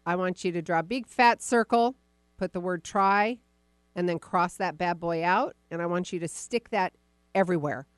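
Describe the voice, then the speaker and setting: A woman podcast host coaching a caller live, encouraging and animated, acting out the caller's inner voice. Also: on the low side, normal speed, clean tone, no echo.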